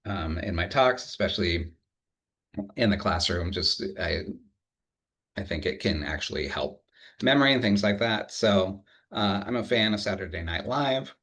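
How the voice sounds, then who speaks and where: Male lecturer, lowish voice, easygoing and joking, lots of fillers and self-corrections. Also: normal speed. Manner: relaxed, humorous, thinks aloud with many restarts. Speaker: university lecturer. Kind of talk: academic lecture.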